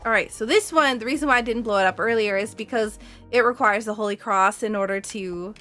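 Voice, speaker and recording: A woman's voice: medium pitch, fairly quick, sharp tone, faint music behind. A woman playing a game live and explaining it as she goes, chatty and laughing often, with plenty of fillers. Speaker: speedrun player. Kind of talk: live gameplay commentary.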